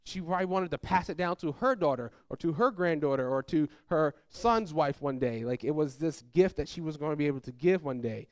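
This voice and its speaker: This sermon comes from a pastor with a fairly high voice who talks fairly quickly with few pauses, recorded at studio quality without room sound. He animatedly recounts family stories, voicing the quotes loudly, and urges the congregation to call out.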